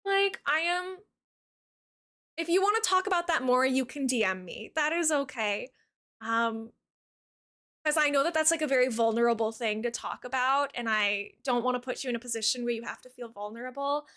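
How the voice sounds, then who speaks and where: A woman's voice: sits high, normal speed, pushed and bright. A young woman streaming a cozy game, chatting casually and sweetly with her viewers and her cat. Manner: bubbly, gushing, talks sweetly to her cat and chat. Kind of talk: casual live-stream chat.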